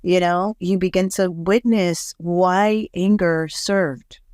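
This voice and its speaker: A woman hosts a podcast in an unhurried, reflective chat, her voice low and clear. She drifts through her thoughts with many fillers. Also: fairly even intonation, darkish tone, no room sound, clean studio sound. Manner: flowing, reflective, with frequent fillers. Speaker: podcast host. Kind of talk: casual conversation.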